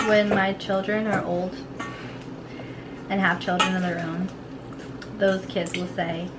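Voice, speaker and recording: A young woman and mother with a sick, hoarse voice, chatting casually and rambling through a home vlog, full of "like". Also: medium pitch, flat delivery, slow, pauses often, far from the mic. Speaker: vlogger and mother. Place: home kitchen and garden. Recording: roomy, off-mic, household noise.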